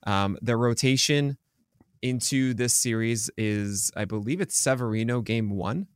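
A man's voice: mid-range voice, unhurried, clean tone, no room sound. A man co-hosting a baseball podcast, talking casually and rambling with many ums and restarts. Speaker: podcast co-host. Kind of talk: casual sports chat.

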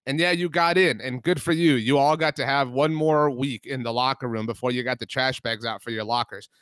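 A man co-hosting a sports podcast, arguing his points in an animated, ranting way and filling his talk with "like". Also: mid-range voice, brisk, smooth, no room sound. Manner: animated, ranting, heavy use of "like". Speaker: podcast co-host. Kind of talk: casual sports debate.

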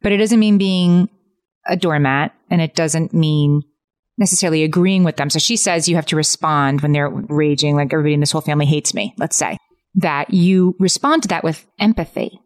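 A middle-aged woman co-hosting a podcast, explaining parenting advice in a casual, thoughtful way and acting out short lively quotes. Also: sits low, normal speed. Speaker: podcast co-host.

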